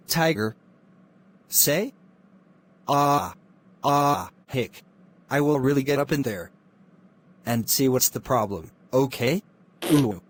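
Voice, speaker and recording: Gordon, a man doing a breezy specialist. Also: medium pitch. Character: cheerful self-assured male hiccup specialist.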